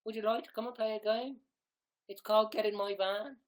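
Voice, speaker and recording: A man's voice: high-pitched, fairly even intonation, fairly quick, voice pushed up, natural voice, rough recording. A man putting on an exaggerated fake Irish accent, playing a cheery young male gamer who repeats sing-song catchphrases. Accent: put-on Irish.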